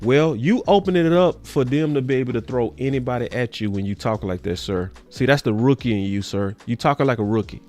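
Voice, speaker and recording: A man's voice: fairly quick, few pauses, faint music behind. A man hosting a sports talk show in casual commentary. He talks emphatically, repeats his points and swears. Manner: animated, jumps between low and high.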